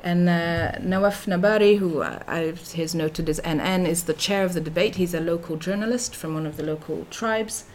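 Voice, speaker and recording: A woman's voice: fairly low pitch, normal speed, hardly any pauses, darkish tone, a little hiss or hum. A middle-aged woman giving an academic lecture as a researcher, speaking thoughtfully with frequent fillers and restarts.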